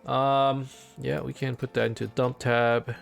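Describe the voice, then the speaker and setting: A man hosting a let's play, casually commenting on his game in an excitable, rambling way. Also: mid-range voice, measured pace, gravelly, faint music behind.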